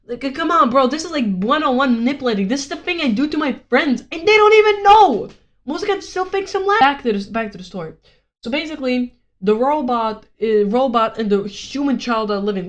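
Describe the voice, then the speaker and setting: A woman vlogger ranting casually, rambling and sarcastic, swearing often. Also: a little high.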